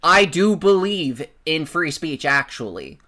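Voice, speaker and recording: A man's voice: a little high, sing-song, slow pace, bright, forceful tone. A man ranting in political commentary on a stream, sarcastic and swearing, mocking his opponents.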